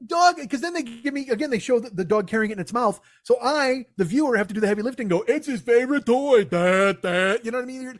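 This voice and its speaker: A man's voice: very high-pitched, racing, hardly any pauses, no echo, studio quality. A man hosting a comedy podcast, ranting in a profane, sarcastic, mocking way. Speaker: podcast host.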